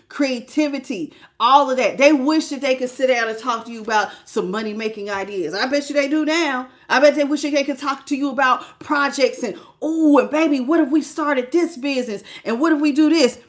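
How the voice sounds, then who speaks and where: High-pitched woman, tarot reader, live casual reading, emphatic, repeats herself, laughs a lot. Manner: animated, emphatic, repeats phrases, laughs often.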